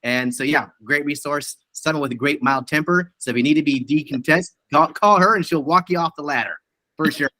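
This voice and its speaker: Man, meeting host, bright forceful voice, effusive and upbeat, dry sound. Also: a little high, brisk, dry recording. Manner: upbeat, effusive praise, says awesome often. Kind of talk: hosting a team video meeting.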